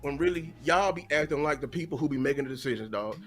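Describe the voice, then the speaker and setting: A man's voice: a little high, animated, quick pace, faint music behind. A man and content creator delivering a heated, profane tirade during a live watch-party stream.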